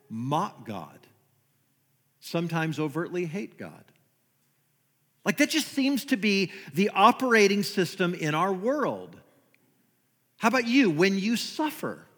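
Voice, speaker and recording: Male preacher, lively rather high voice, conversational sermon, rhetorical questions, long hall reverb. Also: husky. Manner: conversational, asks rhetorical questions, repeats words. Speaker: guest preacher. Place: church sanctuary.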